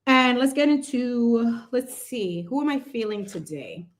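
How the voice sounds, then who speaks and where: Here a woman with a fairly high pitch speaks unhurriedly as she paints live for her channel. She keeps up an animated, sassy banter with lots of playful asides, dropping in pieces of Spanish.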